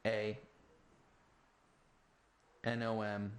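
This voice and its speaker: A man's voice: on the low side, monotone. A man co-hosting a casual podcast, spelling words out letter by letter and joking at his own expense. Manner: self-deprecating, spells words out slowly. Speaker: podcast co-host. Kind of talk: casual chat, spelling game.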